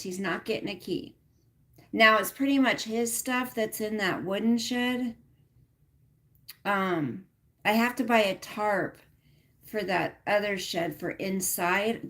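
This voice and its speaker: Woman on a livestream, rambly and fed up, lots of ums, swears a bit, mid pitch. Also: a bit bright. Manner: frustrated, swearing, rambling with many fillers. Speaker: livestream host. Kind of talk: casual livestream chat.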